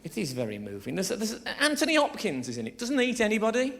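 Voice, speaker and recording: A man's voice: high-pitched, huge pitch swings, fast, hardly any pauses, fairly bright tone, some chatter behind. A man from England doing a chatty, crude live stand-up routine on a theatre stage, teasing the audience and laughing at his own jokes. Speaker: stand-up comedian.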